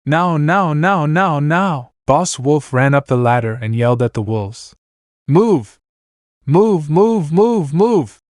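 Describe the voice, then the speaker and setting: A man's voice: medium pitch, fairly even intonation, normal speed, few pauses, darkish tone, clear, resonant tone, no echo, clean studio sound, lightly acted. A man voicing a nervous male wolf henchman leader. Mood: yelling.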